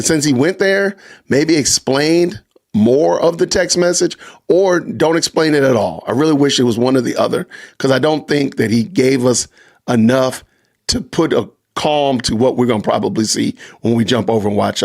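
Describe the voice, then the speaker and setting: A middle-aged man, hosting a casual livestream podcast and talking straight to his live chat in an animated, joking way. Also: mid-range voice, normal speed, gravelly. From Georgia, US. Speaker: podcast host.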